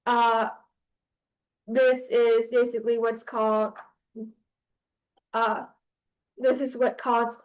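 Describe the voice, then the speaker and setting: A woman's voice: a little high, little pitch movement, slow, long pauses, clean tone, rough recording. A woman teaching a class, hesitant, with many fillers and restarts. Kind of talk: online class lesson.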